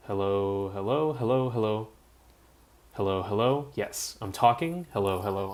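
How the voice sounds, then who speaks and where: A man live-streaming casually from home, mumbling while adjusting his audio settings, his throat rough enough that he keeps clearing it. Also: fairly low pitch, moderate pace, darkish tone. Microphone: built-in webcam or laptop mic.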